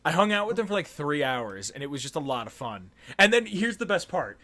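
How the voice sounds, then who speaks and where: A man's voice: fairly high pitch, sing-song, fairly quick, bright, forceful tone. A young man hosting a podcast, telling a story in a casual, rambling way, packed with "like" and swearing. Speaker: podcast host. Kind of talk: casual chat.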